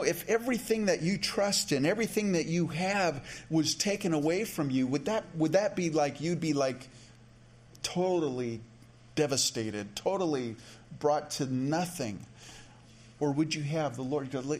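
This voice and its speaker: Male pastor, sermon delivery, chatty with restarts, slightly high voice. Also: lively intonation, normal speed, darkish tone. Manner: conversational, many restarts and asides.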